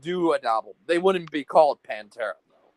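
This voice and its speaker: A man's voice: on the high side, lively intonation, brisk, a little mellow, dry recording, rough recording. A man in casual podcast chat, arguing his point, restarting sentences and throwing playful insults. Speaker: podcast co-host. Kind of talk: casual chat about metal bands.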